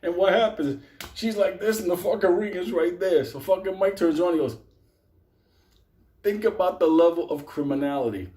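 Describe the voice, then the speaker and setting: A man's voice: sits high, expressive, normal speed, dark tone. A man telling a comic story to a live audience, rambling, swearing constantly and laughing between lines.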